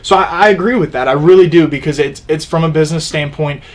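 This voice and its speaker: A man's voice: fairly high pitch, quick pace. A man co-hosting a casual sit-down chat, explaining his views with plenty of restarts. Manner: explanatory, opinionated, frequent restarts. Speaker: co-host of an outdoors channel.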